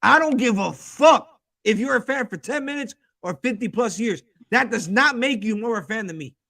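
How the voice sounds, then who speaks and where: Gravelly, high-voiced man ranting as host. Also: sharp tone, dry recording, clean studio sound. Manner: profane, heated, fast-talking rant. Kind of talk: ranting fan talk show.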